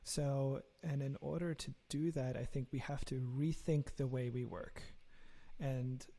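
A man's voice: medium pitch, fairly even intonation, measured pace, mellow. A man with a German accent, a startup founder talking earnestly as a guest in an interview, often repeating words as he starts a sentence. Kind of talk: casual interview talk.

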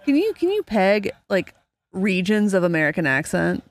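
A woman's voice: mid-range voice, very animated, normal speed, dry recording. A young adult woman hosting a podcast, chatting casually and playfully with a guest at a gear show, laughing often. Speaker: podcast host. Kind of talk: casual interview chat. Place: busy gear show floor.

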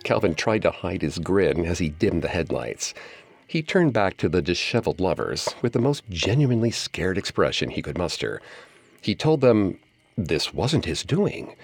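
A man reading a horror story aloud in a measured, suspenseful way. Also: sits low, big pitch swings, creaky, husky, no echo. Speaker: narrator. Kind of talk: scripted horror story narration.

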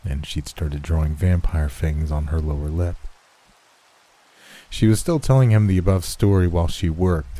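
A man narrates a horror story in a steady, measured scripted reading. His voice sits very low, with a dark, mellow tone. It has a slightly husky, breathy edge.

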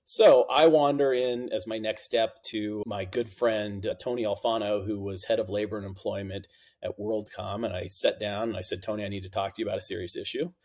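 A man's voice: on the low side, fairly even intonation, brisk, darkish tone. A middle-aged man, a guest on an interview podcast, telling anecdotes in a casual way and acting out the dialogue he quotes. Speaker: podcast guest, compliance officer.

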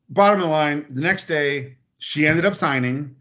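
A man's voice: fairly high pitch, moderate pace. Blunt storytelling man, muffled audio. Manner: animated retelling with quoted voices, blunt swearing. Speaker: podcast guest. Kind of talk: casual storytelling chat.

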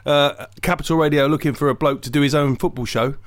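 A man's voice: a little high, fast talker, dry recording, clean studio sound. A man, a comedian co-hosting a podcast, telling jokey, rambling stories, swearing and acting out voices. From England. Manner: animated, jokey, digressive, swears, acts out voices. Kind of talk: casual chat, comic storytelling.

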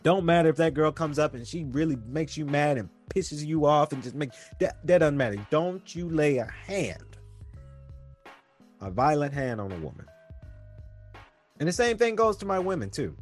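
Earnest young man with lively pitch. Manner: earnest and preachy, repeats himself often. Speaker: vlogger giving relationship advice. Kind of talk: casual advice monologue.

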